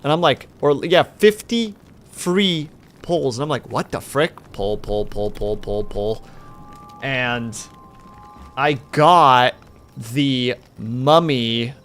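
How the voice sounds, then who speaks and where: A man's voice: medium pitch, expressive, slow, fairly bright tone, soft background music. A man streaming a game, chatting casually with his viewers while he plays and hopping between the game and replies to chat.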